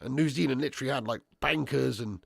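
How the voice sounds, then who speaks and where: A man's voice: medium pitch, fast, gravelly, breathy edge, no room sound. A young man hosting a football watch-along, reading out live chat with swearing banter and calling viewers lad and bro.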